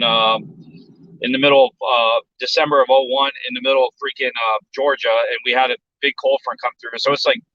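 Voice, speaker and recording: A man's voice: medium pitch, bright, forceful tone, dull audio. A man from South Texas telling a story in casual chat, blunt and profane, and he acts out the voices of other people. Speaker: podcast guest.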